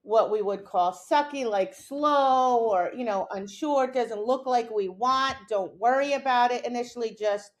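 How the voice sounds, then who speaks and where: A fairly high-voiced, middle-aged woman talks through dog training in a relaxed podcast chat. She is animated and keeps slipping into little acted lines for herself and her dog. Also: a little slow, few pauses. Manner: animated, acts out her own lines and her dog's reactions. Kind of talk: casual instructional chat.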